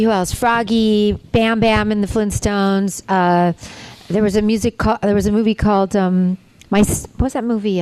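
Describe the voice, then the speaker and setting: A woman's voice: medium pitch, darkish tone, clear, resonant tone, dry recording. A woman voice actor chatting on a convention panel, answering fan questions in a playful, chatty way. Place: convention hall panel room. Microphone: handheld microphone.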